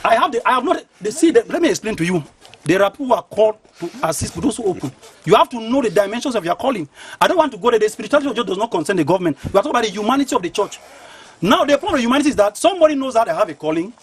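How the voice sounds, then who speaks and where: Fast, high-pitched pastor. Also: male voice, big pitch swings, breathy edge. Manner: insistent, repeats words while pushing to keep the floor. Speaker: pastor and studio guest. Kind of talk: heated panel debate.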